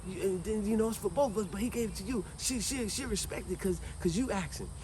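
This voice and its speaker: A man's voice: high-pitched, fast talker, darkish tone, slight background noise, voice pushed up, close to an everyday voice. Young boy cousin, nervous, stammering, put on by a man. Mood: coaxing. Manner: stammering, coaxing.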